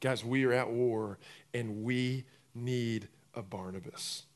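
Taking it slowly in a mid-range voice, a pastor preaches the story, voicing its characters with energy. Loud bursts give way to quiet, close appeals throughout.

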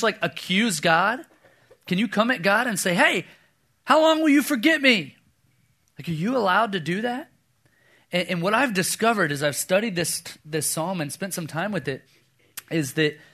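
Pastor, thirties, man, bright tenor that sits a bit high, lively storytelling sermon. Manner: animated storyteller, acts out voices, drops to a hush for quoted lines.

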